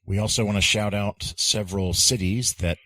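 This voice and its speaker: A man co-hosting a casual language-lesson podcast, relaxed and jokey. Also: lowish voice, normal speed, no echo. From United States. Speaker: podcast co-host.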